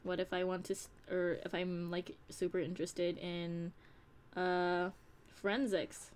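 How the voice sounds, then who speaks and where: A woman's voice: on the low side, level tone, measured pace, darkish tone, clear, resonant tone. A young woman talking on a live stream, in a candid, rambling way with casual swearing. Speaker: streamer and audio creator.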